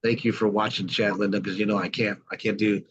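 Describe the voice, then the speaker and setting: A middle-aged podcast host talks fast in a fairly low, a bit bright voice with little pitch movement, over a little hiss or hum. On a group video call via computer mic, with dull lo-fi audio, he cheerfully and folksily welcomes newcomers again and again.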